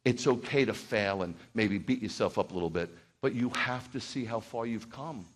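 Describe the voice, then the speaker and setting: A man's voice: medium pitch, normal speed. A middle-aged man preaching as a pastor in a church, heartfelt and rambling at first, then building to fervent exhortation. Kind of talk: sermon.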